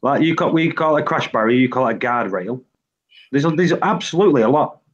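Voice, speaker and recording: A man's voice: mid-range voice, expressive, quick pace, lo-fi sound. A British man hosting a casual group chat, reading out lists of word pairs. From Britain. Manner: reads out lists of word pairs, laughs often.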